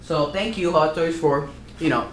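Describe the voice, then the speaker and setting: A man's voice: on the high side, moderate pace, a little hiss or hum. A man hosting a toy vlog, ranting in a casual, profane and exasperated way. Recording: roomy echo.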